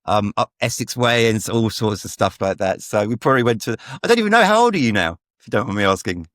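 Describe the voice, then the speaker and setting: 40s guy from england hosting a podcast, chatty, wanders off topic a lot, lowish voice. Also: very animated, quick pace, a bit bright, no echo, clean studio sound. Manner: chatty, rambling, lots of asides. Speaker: podcast host. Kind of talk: casual interview chat.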